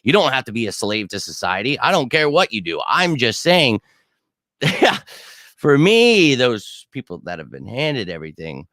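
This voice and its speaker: A man's voice: medium pitch, huge pitch swings, a little slow, fairly bright tone, dry recording, clean studio sound. A man hosting his own football show, ranting heatedly and profanely in a casual livestream while answering viewers' chat. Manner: answers live chat comments. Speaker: sports show host.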